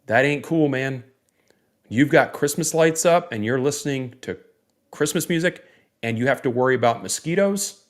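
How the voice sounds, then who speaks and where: A man's voice: medium pitch, expressive, normal speed. A man from Northeast Florida co-hosting a casual sports podcast, easygoing and rambling, with plenty of fillers and restarts. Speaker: podcast co-host.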